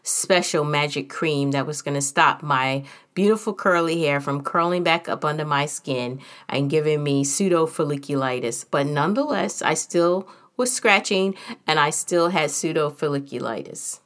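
A woman with a somewhat low-pitched voice tells a personal story in a loose, chatty way. She is candid and humorous, and her talk is full of casual fillers. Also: moderate pace, a bit bright.

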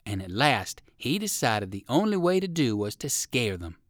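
A man reading a children's storybook aloud with warm, expressive storytelling. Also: medium pitch, moderate pace, dry recording, clean studio sound. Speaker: reader. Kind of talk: storybook narration.

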